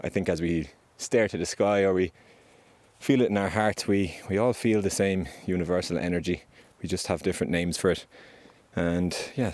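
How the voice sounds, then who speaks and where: A man hosting a vlog, speaking gently and earnestly about gratitude and acceptance while out on a hike. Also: low voice, no echo. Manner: gentle, earnest, spiritual, unhurried with pauses. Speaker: podcast host sharing his survival story. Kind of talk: reflective spoken vlog on a hike. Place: outdoors on a hillside.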